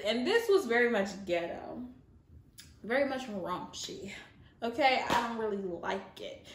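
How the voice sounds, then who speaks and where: A young woman with a Southern American accent, telling a casual storytime vlog in an animated way, laughing and using many fillers. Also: on the high side, normal speed, slight background noise. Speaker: vlogger. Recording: echoey room.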